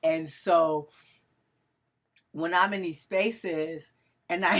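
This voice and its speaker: Woman vlogger, lowish husky voice, emotional and melodramatic, chats straight to her viewers. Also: steady tone, drawn-out words, long pauses. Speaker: vlogger addressing her followers. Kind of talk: casual direct-to-camera monologue.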